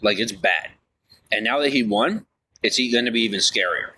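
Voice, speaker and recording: A man rambling on a live stream, excitable, swinging from shouting to low grumbling. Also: normal speed, breathy edge. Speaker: livestreamer.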